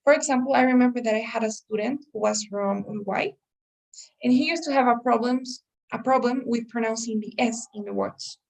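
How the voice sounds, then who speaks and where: Creaky-voiced woman teaching English. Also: on the high side, a little fast, a little mellow. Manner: explains patiently, checks in with "okay, guys?". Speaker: English test-prep teacher. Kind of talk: online class explanation. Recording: voice a little far from the mic.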